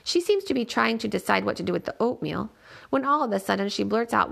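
A woman narrating a first-person audiobook in a measured, plain storytelling manner. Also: medium pitch, lively intonation, vocal fry, a bit bright.

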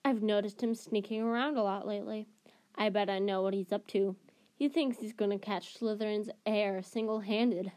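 A woman's voice: medium pitch, steady tone, darkish tone, lightly acted. A woman doing a drawling, sneering schoolboy. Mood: scornful. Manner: slow drawl. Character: sneering drawling teenage boy bully.

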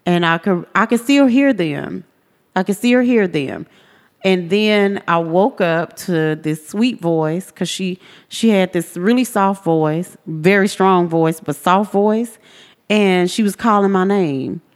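A woman's voice: fairly low pitch, slow pace. A woman, a podcast guest telling her personal story earnestly and acting out the voices of people in it. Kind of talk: personal testimony in a podcast interview. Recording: long hall reverb.

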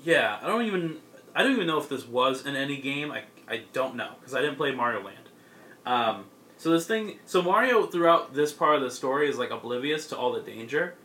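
Young guy rambling thru a plot recap, lots of "like" and um, bright voice. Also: medium pitch, sing-song, a little fast, slight background noise. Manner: rambling, filler-heavy, laughs often. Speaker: podcast co-host. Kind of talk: casual chat, recapping a comic.

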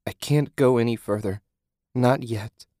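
A man's voice: medium pitch, measured pace, mellow, no echo, clean studio sound, voice pushed up, natural voice. A man voicing a weary, sarcastic young woman who has survived a nightmare, speaking bitterly in an audiobook. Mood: weary, despairing. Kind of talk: audiobook character voice.

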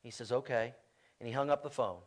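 A man preaching a sermon in a church, telling stories in a relaxed, conversational way with playful humor. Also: medium pitch, quick pace. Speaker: pastor. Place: church sanctuary.

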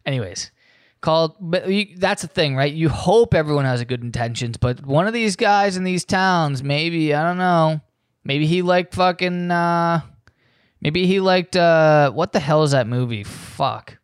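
A man's voice: on the high side, moderate pace, smooth, no room sound, clean studio sound. A man hosting a podcast, rambling profanely through a casual monologue and reading news aloud. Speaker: podcast host.

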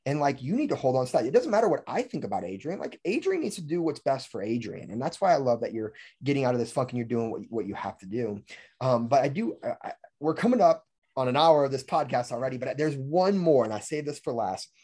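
A man's voice: medium pitch, fast, breathy edge. A man in his twenties hosting a podcast as a fitness coach, telling stories with lots of "like" and laughter. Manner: energetic storyteller, fillers of "like", laughs often. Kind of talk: casual podcast chat.

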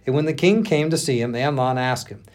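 A man, a pastor, reading a Bible passage aloud on a podcast, with lively expression, stopping now and then to check how a name is said. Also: medium pitch, a little fast.

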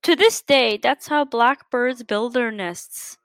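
High-voiced woman reading a storybook. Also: slow, fairly bright tone, dry recording. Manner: careful reading with frequent stumbles and restarts. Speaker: story reader.

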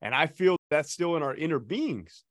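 Lively profane fired-up man. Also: a little high, moderate pace, dry recording, clean studio sound. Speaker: podcast guest. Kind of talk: casual podcast chat.

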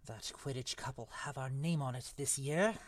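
A woman doing a hushed eager teen sports captain. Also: very deep voice, measured pace, no echo, studio quality, soft background music, voice pushed down. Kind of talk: storybook read-aloud.

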